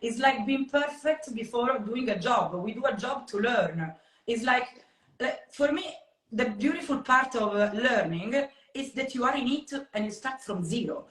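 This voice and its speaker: A woman's voice: on the high side, lively intonation, moderate pace, a bit bright. A woman co-hosting a podcast, sharing her view in a thoughtful, reflective way. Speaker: podcast co-host. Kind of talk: casual conversation. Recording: roomy echo.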